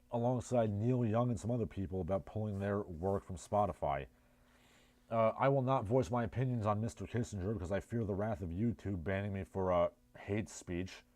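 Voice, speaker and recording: Low, mellow New Jersey man. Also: dry recording. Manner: sardonic, rambling asides. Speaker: livestream host. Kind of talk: casual livestream chat, reading chat messages.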